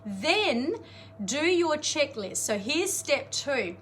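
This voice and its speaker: A woman, coaching an audience in a chatty, energetic live-streamed motivational talk, greeting viewers and laughing often. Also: sits high, slow pace, a little hiss or hum. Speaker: life coach.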